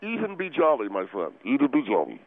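A man playing a proud, gluttonous man who eats without guilt, talking slowly and preachily over a phone line. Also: medium pitch, huge pitch swings, background noise. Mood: coaxing. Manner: slow, smug, preachy. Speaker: guest advocate.

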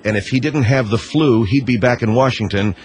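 A man's voice: mid-range voice, a little fast, darkish tone, a little hiss or hum, poor audio. A man hosting a radio call-in show, sounding incredulous and dryly sarcastic with a caller. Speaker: radio talk show host.

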